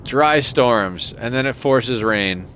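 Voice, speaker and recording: A man's voice: medium pitch, lively intonation, takes it slowly, fairly bright tone, a little hiss or hum. A man streaming a game live who rambles in casual, profane commentary, chuckling often as he talks into a desk microphone.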